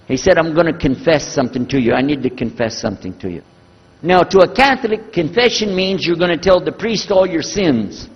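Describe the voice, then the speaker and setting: A man's voice: fairly high pitch, husky. An older man with a Texan accent, a preacher telling a story to an audience and acting out both sides of the conversations. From United States. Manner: animated storyteller acting out dialogue. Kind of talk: storytelling talk. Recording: echoey hall, dull lo-fi sound.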